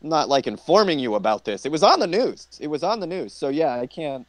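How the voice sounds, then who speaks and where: A man hosts a casual political chat, swearing freely and breaking into laughter. His voice sits a little high and swings widely in pitch. The sound is close and dry. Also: brisk, no echo. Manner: animated, profane, laughs often. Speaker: podcast host.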